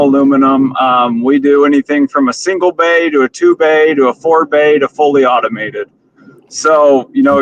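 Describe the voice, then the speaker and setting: A man calling in while driving, giving a quick friendly sales rundown of his business. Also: on the high side, a bit bright, muffled recording. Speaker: caller, business owner. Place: in a moving car. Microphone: phone or call from the car.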